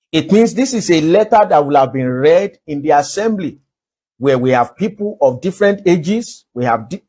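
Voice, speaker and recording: Husky Nigerian man preaching a sermon. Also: fairly high pitch, a little mellow. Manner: emphatic preaching, shifts between quick and slow deliberate delivery. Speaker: pastor.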